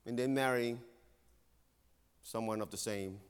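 A male pastor preaching a sermon with earnest emphasis, dropping to hushed tones and rising again. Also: a little slow, smooth. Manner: earnest, swings between loud emphasis and hushed low tones. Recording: long hall reverb.

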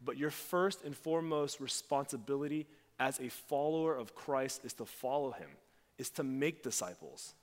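A man preaching a conversational sermon as a pastor, acting out quoted lines with sudden jumps in pitch. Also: normal speed. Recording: long hall reverb.

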